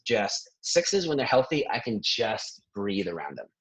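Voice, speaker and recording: Husky-voiced man, animated and laughing. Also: lowish voice, unhurried, poor audio. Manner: animated, laughs often between thoughts. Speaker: therapist. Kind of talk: conversational interview.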